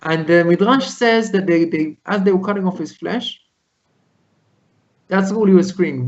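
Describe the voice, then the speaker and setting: Animated rabbi telling a story over a call. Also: male voice, sits high, moderate pace. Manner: animated retelling, voicing characters' lines. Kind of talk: storytelling Torah lesson. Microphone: video call. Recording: lo-fi video call audio.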